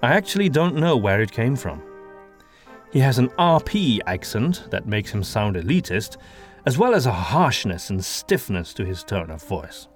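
Man explaining with lively pitch. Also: normal speed, soft background music. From Belgium (Antwerp). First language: Flemish. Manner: explanatory, lightly humorous. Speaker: audio drama creator and voice actor. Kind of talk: behind-the-scenes commentary.

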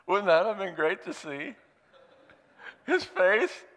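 A man's voice: sits high, takes it slowly, big-room sound. A man preaching, reading scripture aloud and adding playful, joking asides. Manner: playful, animated storyteller who jokes aside. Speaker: pastor.

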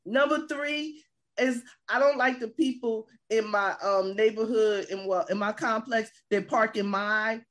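A woman's voice: fairly high pitch, a little slow. A woman comedian in casual podcast chat, emphatic and repeating her points. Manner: animated, emphatic, repeats herself. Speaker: guest comedian.

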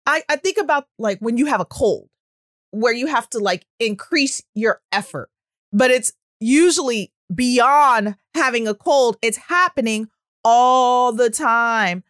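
A woman speech-language pathologist giving a casual, animated talk, with frequent fillers. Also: a little high, a little slow, no echo, clean studio sound. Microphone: audio-only recording.

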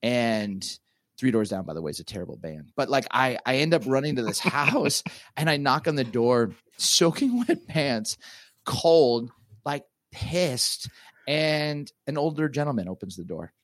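A middle-aged man, a pastor and author, telling a story in a casual interview, talking in an animated, halting way with many fillers and restarts. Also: mid-range voice, dry recording, studio quality.

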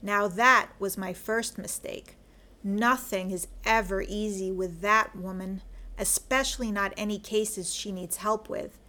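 A woman voicing a gruff, grumbling Scottish man adrift in a story, with a Scottish accent and self-mocking mutter. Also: mid-range voice, steady tone, a little slow, bright, forceful tone. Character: gruff Scottish male sea detective, grumbling. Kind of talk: audiobook character reading.

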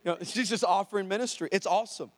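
A man, a pastor telling a story in a sermon, animated and acting out the people in it. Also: sits high, quick pace. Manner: animated, acts out shouts and voices of people in his story. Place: church hall before a congregation.

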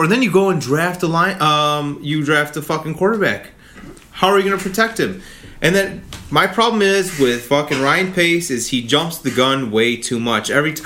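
A man's voice: mid-range voice, pushed and bright. A man hosting a sports podcast, ranting heatedly with lots of swearing. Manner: profane, heated, rapid rant. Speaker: podcast host.

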